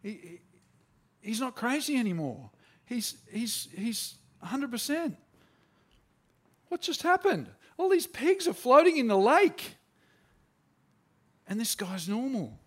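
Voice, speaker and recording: A man speaking as a bewildered male disciple, retelling events in the first person in a sermon, with excited rising outbursts. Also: very high voice, slow, pauses often, voice pushed up, heavily acted. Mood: animated storytelling.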